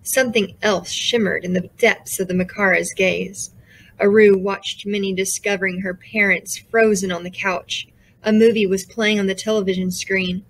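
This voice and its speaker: A woman's voice: mid-range voice, normal speed, poor audio. Woman narrating a children's audiobook. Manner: steady storytelling with character voices. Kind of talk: scripted narration.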